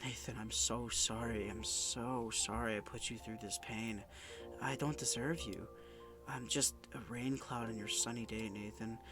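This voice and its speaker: Man reading a depressed teenage girl, soft, hesitant, halting, music playing behind. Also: mid-range voice, fairly even intonation, natural voice. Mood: sad, hesitant. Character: depressed teenage girl, gentle, self-loathing. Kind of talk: game dialogue read aloud. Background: background music.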